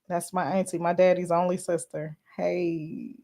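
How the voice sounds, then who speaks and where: A woman's voice: fairly low pitch, measured pace, dark tone. Chatty woman podcast host greeting viewers. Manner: chatty, greets live commenters by name; earnest and personal, some filler words. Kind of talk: live-stream casual chat.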